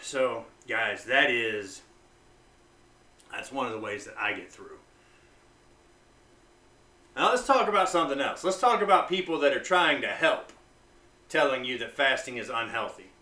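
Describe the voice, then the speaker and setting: A man vlogging casually to camera, blunt and profane, swinging between loud hype and low, intense talk. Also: expressive, a little slow, pauses often, distant mic. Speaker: vlogger on fasting. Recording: echoey room, voice off-mic.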